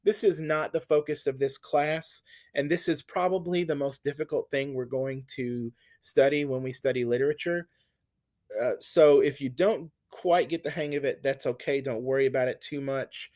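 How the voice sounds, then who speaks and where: A man's voice: mid-range voice, steady tone, darkish tone. A man giving a recorded literature lecture, patiently explaining poetic meter and reassuring his students. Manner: patient and reassuring, slow and deliberate, counts out stresses. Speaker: literature teacher.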